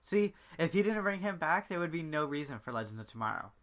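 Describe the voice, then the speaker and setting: A man's voice: on the high side, big pitch swings, quick pace, a bit bright. A man co-hosting a podcast in casual chat, joking and laughing often as he teases his partner. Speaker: podcast co-host.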